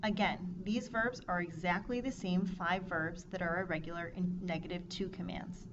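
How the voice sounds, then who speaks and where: A woman with a slightly low voice teaches Spanish grammar in a measured, scripted lesson, reading out verb forms one after another. The recording is dull and lo-fi. A steady noise sits clearly behind her.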